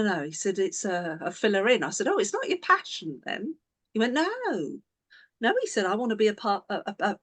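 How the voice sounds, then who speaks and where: A woman coaching a business team, telling a story and acting out the dialogue of everyone in it. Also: on the high side. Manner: animated, acts out quoted dialogue in the story.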